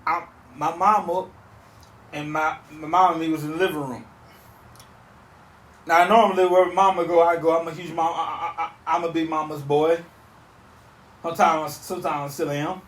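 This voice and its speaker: A man in his thirties hosting a podcast, ranting casually in an animated, repetitive, emphatic way on a back porch outdoors. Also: fairly high pitch. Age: 30s. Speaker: podcast host. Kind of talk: casual solo rant. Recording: roomy sound from off mic.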